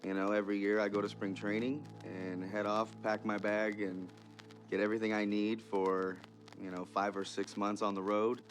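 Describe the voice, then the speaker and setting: Man, 20s, low pitch, halting, reflective, documentary testimony, music underneath. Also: flat delivery, poor audio. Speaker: survivor telling his story.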